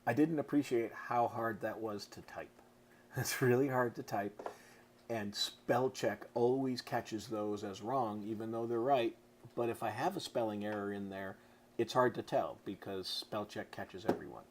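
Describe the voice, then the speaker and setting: Speaking a little slowly in a voice on the low side, a middle-aged male author talks to camera in a relaxed, chatty lesson on writing, adding playful sound effects. There's a little hiss or hum.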